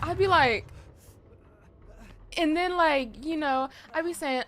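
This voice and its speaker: A young adult woman streaming a game, chatting casually with her viewers in animated, profane, slangy banter. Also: sits high, takes it slowly, pauses often. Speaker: gaming streamer. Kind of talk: casual livestream chat while gaming.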